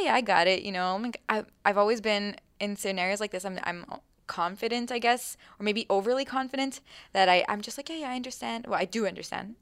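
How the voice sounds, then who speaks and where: Young woman, casual chat, animated storyteller, lots of fillers, dry close sound. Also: medium pitch, clean tone, no room sound. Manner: animated, many fillers, acts out her own thoughts.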